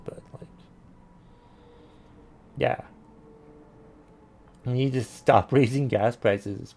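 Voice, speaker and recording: A man's voice: medium pitch, creaky, a little mellow. A man hosting a casual commentary show, ranting bluntly and swearing while he reacts to listener messages. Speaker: podcast host reading listener messages.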